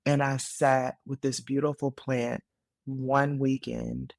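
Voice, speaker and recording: A woman in her late thirties, a podcast guest, telling her story in casual conversation, earnest and animated with frequent fillers. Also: rumbling low, slow pace, gravelly, no echo, clean studio sound. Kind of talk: casual interview testimony.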